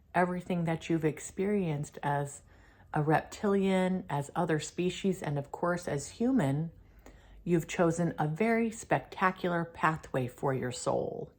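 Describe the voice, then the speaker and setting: A woman voicing a polite, humble male reptilian being from space who speaks softly and formally. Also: fairly low pitch. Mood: warm. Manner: soft-spoken, formal and courteous.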